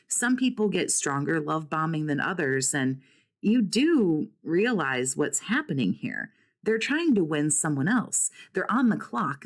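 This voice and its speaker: A woman speaking as a recovery coach about narcissistic abuse, blunt and profane, firing rhetorical questions and calling her listener "survivor.". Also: lowish voice. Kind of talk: direct-to-camera talk.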